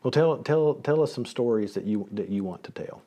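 A man's voice: mid-range voice, animated, moderate pace, mellow, lo-fi sound. A man, a pastor, hosting a casual conversation, joking around and asking lots of questions. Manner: joking, asks many questions.

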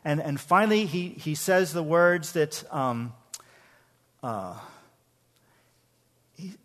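A man's voice: on the high side, lively intonation, slow, fairly bright tone. A man preaching a sermon to his congregation in a church, talking conversationally, often repeating words as he starts a phrase, and asking his listeners questions. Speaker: pastor. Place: church sanctuary. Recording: long hall reverb.

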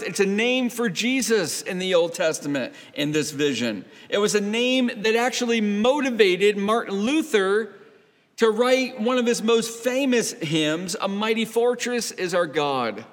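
Slow-preaching man in a reverberant hall. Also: sits high. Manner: slow, deliberate preaching with repeated words. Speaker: pastor. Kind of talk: sermon.

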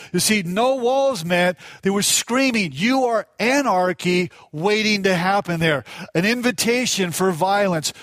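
A middle-aged male pastor preaching with a high-pitched voice in a dry, close recording. He presses his points with repetition and keeps restarting his phrases as his feeling runs ahead of him. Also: fairly bright tone, no room sound. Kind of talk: sermon.

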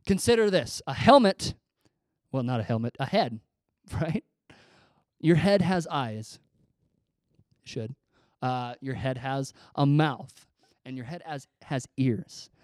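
A man's voice: medium pitch, darkish tone, no echo, studio quality. Rambling young man preaching a story. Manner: rambling, self-deprecating, with many fillers and restarts. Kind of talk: casual storytelling sermon.

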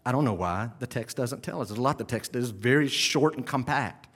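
A man preaching a sermon as pastor, animated, acting out scenes and dropping to quiet asides. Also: mid-range voice, fairly quick. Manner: animated, acts out shouting disciples, drops to near-whisper asides.

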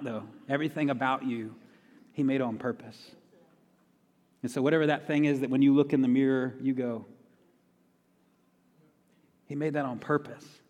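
A man's voice: medium pitch, fairly even intonation, moderate pace, pauses often, darkish tone, dull audio. A man preaching a sermon in a conversational way, repeating key phrases for emphasis. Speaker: pastor. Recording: long reverb of a large hall.

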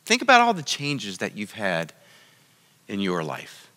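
A man's voice: fairly low pitch, wildly swooping pitch, a little slow, bright, forceful tone, long reverb tail. A middle-aged man giving a storytelling sermon in a conversational way, often turning to ask his listeners questions. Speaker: church speaker.

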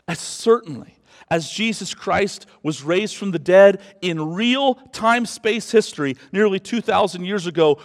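Pastor guy preaching, highish voice, big echoey church hall, goes quiet then loud. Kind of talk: sermon.

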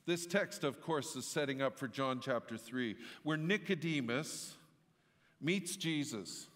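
A male pastor preaching at a middle pitch in a casual, storytelling way, now and then bursting into loud, emphatic lines. His voice rings out with a long reverb tail, as in a church hall. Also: animated, a little slow. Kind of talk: sermon.

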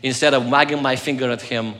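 A pastor delivering an earnest sermon, telling a personal story and swinging between loud passages and soft, hushed moments. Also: male voice, medium pitch, steady tone, quick pace, in a large hall.

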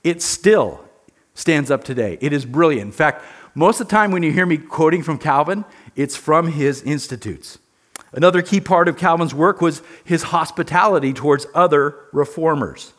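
A man's voice: fairly high pitch, moderate pace, fairly bright tone. A man teaching a church history lesson in an earnest, emphatic way, often repeating words.

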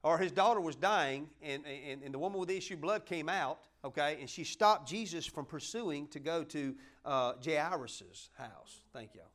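High-voiced, folksy man preaching. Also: moderate pace, hardly any pauses, a bit bright. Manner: folksy, joking with the congregation, stumbles and asks for help. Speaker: pastor. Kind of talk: sermon.

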